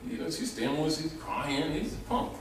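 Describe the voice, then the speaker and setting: A man giving an animated, rambling informal lecture to a small group, restarting his sentences as he goes. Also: fairly high pitch, fairly quick. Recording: echoey room, mic far off, faint noise.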